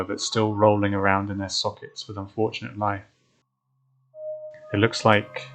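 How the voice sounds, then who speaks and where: Low-voiced man reading game narration. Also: fairly bright tone. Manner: reads narration, pauses to react. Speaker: streamer. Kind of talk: reading a visual novel aloud. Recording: faint game music behind.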